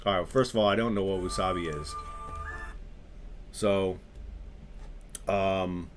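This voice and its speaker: A man's voice: low voice, steady tone, slow, soft background music. A young adult man on a gaming stream, casually telling a story while he plays, laughing often and talking in loose slang.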